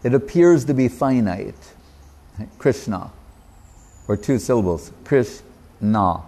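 A man speaking as a spiritual teacher in a devotional talk, his voice sitting at an ordinary middle pitch. He talks in a reflective, unhurried way, pausing often and working Sanskrit verses into his explanation. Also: very animated, dark tone. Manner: reflective, unhurried, with pauses and fillers.

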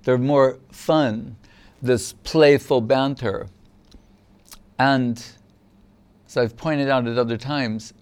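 A man giving a devotional lecture as a spiritual teacher, explaining in a measured, reflective way. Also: medium pitch, a little mellow, clear, resonant tone.

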